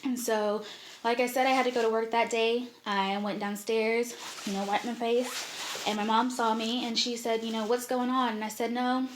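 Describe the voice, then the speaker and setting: A woman's voice: on the high side, flat delivery, moderate pace, a little hiss or hum. A young woman vlogger telling a personal story in a candid, heartfelt way, with many fillers.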